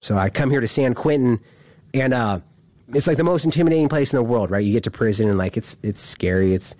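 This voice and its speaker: A man's voice: medium pitch, animated, fast, a little mellow, dry recording. A man recounting a story in a casual, rambling way, packed with fillers and frequent laughter. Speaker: incarcerated storyteller.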